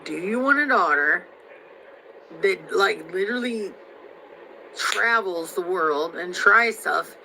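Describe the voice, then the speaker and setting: A young woman rants in a rough, gravelly voice with a bright, cutting edge. Her talk is crude, heated and rambling, full of fillers and restarts. A faint noise sits in the background. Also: lowish voice, lively intonation, slow, pauses often, low-quality recording. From Missouri. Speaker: vlogger. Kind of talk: profane rant to camera.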